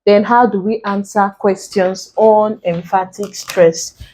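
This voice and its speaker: Mellow-voiced woman teaching an exam lesson. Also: mid-range voice, steady tone, a little hiss or hum, rough recording. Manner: explains patiently, repeats key points, slows down to dictate notes. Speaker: English teacher.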